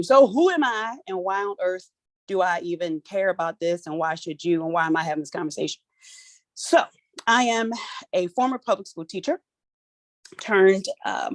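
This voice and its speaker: A middle-aged woman, hosting an online workshop in a playful, animated, colloquial way, talking into her phone on a video call. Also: medium pitch, no echo. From Philadelphia, USA. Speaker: workshop host. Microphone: phone for audio on a video call.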